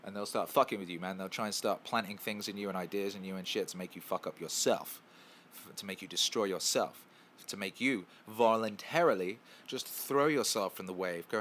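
A man's voice: fairly low pitch, a little fast, a bit bright. A man hosting a casual live stream, answering chat questions in an emphatic, profane, repetitive way.

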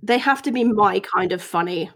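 A woman's voice: mid-range voice, normal speed, fairly bright tone. A young woman chats casually as a podcast co-host. She talks loosely, with plenty of "like" and restarted sentences, and laughs often. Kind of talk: casual chat.

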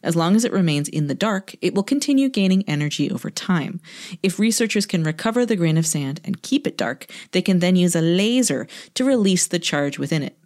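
Lowish-voiced woman cohosting a chatty podcast, reads her notes out, laughs at her own asides. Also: expressive, brisk, a little mellow. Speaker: podcast co-host. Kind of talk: casual podcast chat reading research notes.

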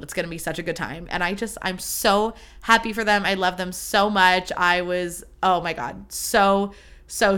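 A woman's voice: medium pitch, bright, forceful tone, clean tone. A young woman hosting her own podcast, chatting casually in a bubbly, gushing way and swearing freely. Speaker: podcast host. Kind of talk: casual solo podcast chat.

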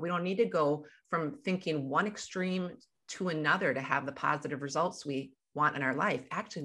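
A woman's voice: deep voice, fairly bright tone. A woman guest on a podcast interview, a life coach talking over a video call and explaining through everyday examples.

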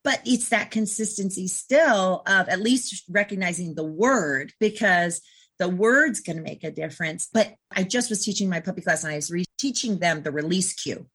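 A bright, clear-voiced middle-aged woman talks shop as a dog trainer in easy conversation. She is lively and keeps slipping into the voices of her clients and their commands. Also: fairly low pitch, normal speed. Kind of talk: casual conversation.

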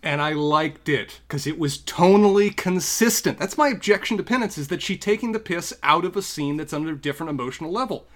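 A man's voice: a little high, animated, brisk, few pauses. A man co-hosting a podcast, giving opinionated critiques in casual discussion. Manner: opinionated, critiques character writing. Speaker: podcast co-host.

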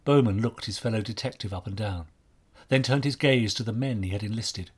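Husky man reading a novel. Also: fairly low pitch, brisk. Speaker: author and podcast host. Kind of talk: audiobook reading.

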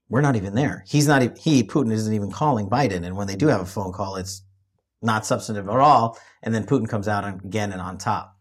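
A man's voice: on the low side, moderate pace, fairly bright tone. A man hosting a political discussion show, talking emphatically and often restarting his phrases. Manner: emphatic, repeats himself when restarting. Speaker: show host.

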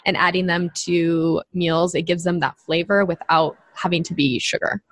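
A woman's voice: on the low side, steady tone, normal speed, dry recording, studio quality. A woman co-hosting a podcast, explaining nutrition to clients in a chatty way with lots of fillers. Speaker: podcast co-host, nutrition coach. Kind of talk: casual podcast chat.

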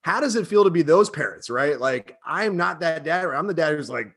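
A man's voice: on the high side, animated, moderate pace, fairly bright tone, husky. A man in his thirties talking casually and emotionally, with lots of fillers and rambling asides. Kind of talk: casual chat.

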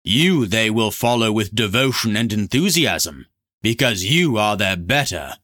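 A man's voice: lowish voice, expressive, unhurried, pushed and bright, exaggerated voice. A man voicing a scheming male black sorcerer who speaks in a smug, purring, mocking way. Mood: persuasive.

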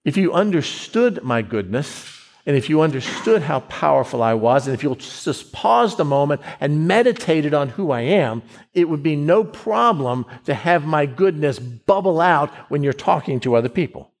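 A man voicing God, answering patiently in a calm, plainly spoken way. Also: on the high side, moderate pace. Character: God answering patiently, male, gentle and reassuring.

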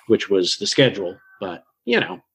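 A man's voice: on the low side, big pitch swings, normal speed, a bit bright, husky. A man co-hosting a casual podcast, easygoing, with a dry joking manner. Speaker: podcast co-host. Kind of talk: casual chat.

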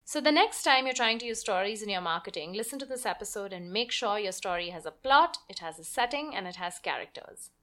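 Animated woman teaching storytelling. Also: mid-range voice, fairly quick, few pauses. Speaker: podcast host, marketing storytelling teacher. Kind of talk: teaching podcast with story reading.

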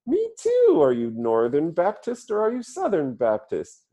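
A man imitating a comedian's persona, a squeaky, falsely innocent man with a high falsetto voice. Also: wildly swooping pitch, a little slow, warm tone, heavily acted. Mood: chirpy.

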